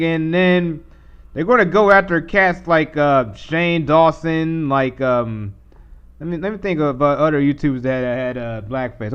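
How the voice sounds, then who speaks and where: A man's voice: on the high side, clear, resonant tone, highs cut off. A man hosting a live stream, commenting in a rambling, casual way over a clip he plays. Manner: rambling, restarts, mocking put-on voices. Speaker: live stream host reacting to videos.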